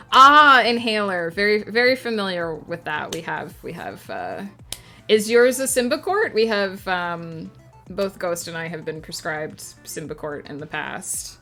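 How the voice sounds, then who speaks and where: A woman's voice: on the low side, sing-song, a little slow, sharp tone, faint music behind. A woman streaming a writing session, chatting casually with her audience and answering chat between filler words.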